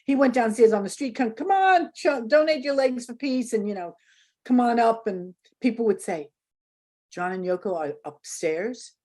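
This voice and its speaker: A woman's voice: a little high, expressive, normal speed, warm tone. An older woman, a guest in an interview, telling stories animatedly, acting out quotes and laughing often. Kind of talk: casual storytelling interview.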